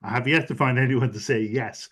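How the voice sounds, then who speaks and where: A man of middle pitch speaks as a guest expert over a video call. He explains in long, fluent runs, leaning on frequent "you know" fillers. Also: fairly quick, a bit bright. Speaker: guest expert on digital strategy. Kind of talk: webinar interview answers.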